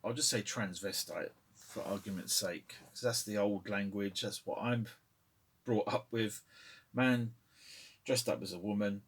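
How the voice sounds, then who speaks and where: Rambling husky middle-aged man. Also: fairly low pitch, fairly even intonation, a little slow. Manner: rambling, hesitant, with many fillers and chuckles. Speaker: channel host. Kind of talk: casual opinion vlog.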